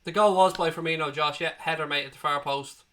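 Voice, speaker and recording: A man hosting a live football watchalong, calling the play and chatting with viewers, excitable and prone to swearing as he cheers. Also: on the high side, brisk. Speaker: watchalong host. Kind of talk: live match commentary and chat. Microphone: desk microphone.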